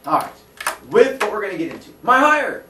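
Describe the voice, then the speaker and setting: A man's voice: high voice, big pitch swings, quick pace. A man teaching a class, joking and teasing his students as he goes through the lesson. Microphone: distant recorder in the room. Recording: distant, echoey classroom with noise.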